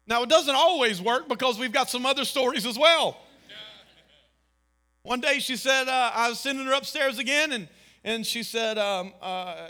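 A man's voice: very high voice, normal speed. A man in his thirties preaching a sermon as pastor, telling family stories with emphatic, rising exclamations. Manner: emphatic, storytelling, rises to loud exclamations.

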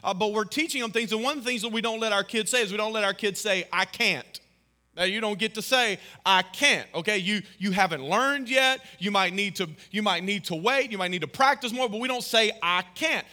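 A man in his thirties preaches from the pulpit in a high, bright voice. He tells stories with emphatic bursts and sudden rising exclamations. His delivery is that of a pastor's sermon. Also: quick pace, few pauses. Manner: emphatic, storytelling, rises to loud exclamations.

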